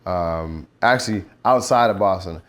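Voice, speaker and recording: Relaxed, low-voiced man telling stories. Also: measured pace. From Nigeria. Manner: relaxed, reflective, slips into rap flows. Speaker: musician. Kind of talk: casual interview chat.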